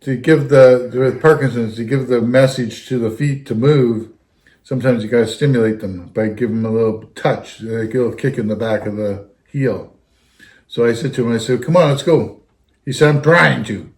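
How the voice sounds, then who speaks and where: A man's voice: mid-range voice, fairly even intonation, moderate pace, a little mellow. A man, a retired fire captain telling a rambling anecdote in casual chat. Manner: rambling, anecdotal, keeps circling back with "anyhow". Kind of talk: casual storytelling.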